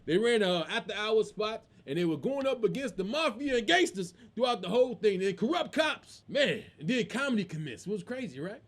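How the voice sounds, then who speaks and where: A man's voice: high-pitched, a little fast, few pauses. A man in his forties, a comedian hosting his own show in a casual, slangy monologue. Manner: animated, slangy, tosses in "man".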